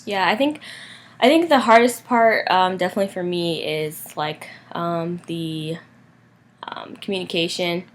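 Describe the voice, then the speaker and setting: Young woman, casual vlog chat, slightly low voice, faint background hiss, filler-heavy delivery. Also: a little slow. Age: young adult. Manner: chatty, lots of "like" and "um". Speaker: vlogger.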